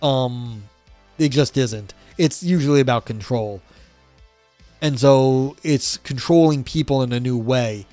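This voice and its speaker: A man's voice: medium pitch, measured pace, mellow, no echo, soft background music. A man from New York hosting a livestream, chatting casually and reading aloud, rambling and swearing with many fillers and restarts. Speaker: livestream host reading a book.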